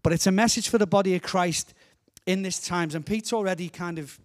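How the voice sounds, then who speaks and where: A man's voice: high-pitched, fairly quick. A middle-aged man from England preaching a sermon as a guest speaker in a church, earnest and fervent, often repeating words as he builds a point.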